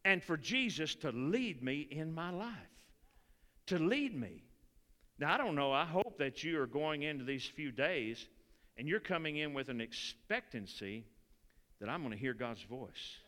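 A man preaching a sermon in a church, animated and folksy, repeating phrases. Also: a little high, a little slow. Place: church sanctuary. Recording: church hall reverb.

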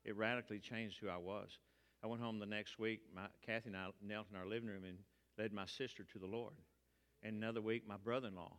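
A man's voice: lowish voice, fairly even intonation, fast, fairly bright tone, clean tone. An older man, giving a folksy testimony sermon from the pulpit. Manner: folksy, colloquial storytelling. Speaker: preacher. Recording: long reverb of a large hall.

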